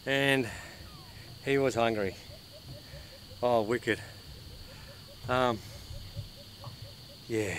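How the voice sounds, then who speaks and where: An Australian man vlogging his fishing outdoors, excitedly talking to the fish and the viewers as he fights and lands it. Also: medium pitch, very slow, pauses often, slight background noise. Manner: excitable, chatty, swears and laughs while fighting fish. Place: outdoors on the water.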